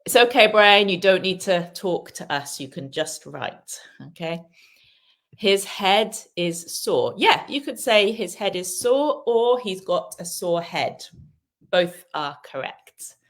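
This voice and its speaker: A woman's voice: mid-range voice, expressive, slow pace, fairly bright tone. A woman from Wales teaching an English lesson in a live online class, patient and encouraging, repeating key phrases.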